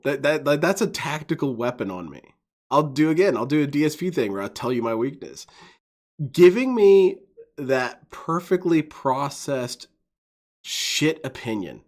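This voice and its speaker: A man streaming a video game, chatting, laughing a lot and rambling excitably. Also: mid-range voice. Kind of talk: let's play commentary.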